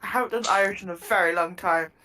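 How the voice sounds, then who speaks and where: A woman chatting casually as a player in a tabletop game, giggly and animated. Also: mid-range voice, fast talker, a little hiss or hum.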